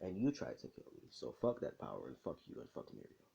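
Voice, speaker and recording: A man voicing a cocky, defiant young male superhero who talks crude and taunting, in a low voice. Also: huge pitch swings, fairly quick, gravelly, mellow, slightly rough, heavily acted. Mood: bitter.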